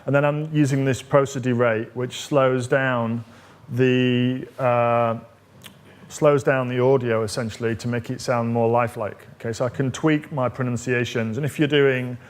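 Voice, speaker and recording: A man presenting as a technical evangelist, explaining a software demo step by step in a conversational way with frequent fillers. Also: medium pitch, steady tone, moderate pace, clear, resonant tone. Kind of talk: live coding demo presentation.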